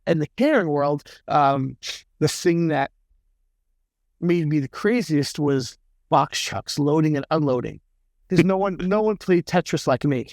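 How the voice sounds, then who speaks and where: A middle-aged man, a chef guest on an interview show, telling stories in a lively way, swearing freely and acting out what other people said. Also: a little high, measured pace, dry recording, clean studio sound. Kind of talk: casual storytelling interview.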